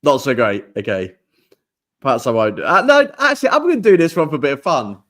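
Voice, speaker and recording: Man, podcast host, casual chat, playful, laughing, middle pitch. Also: sing-song, a little fast, fairly bright tone. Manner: chatty, laughing, mimics accents.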